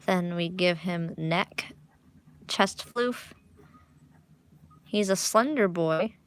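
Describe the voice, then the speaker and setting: A woman's voice: fairly low pitch, drawn-out words, clear, resonant tone. A young woman chatting casually at home while drawing, rambling, restarting, and poking fun at herself. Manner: rambling, self-mocking, restarts often. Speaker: art vlogger. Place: living room at home.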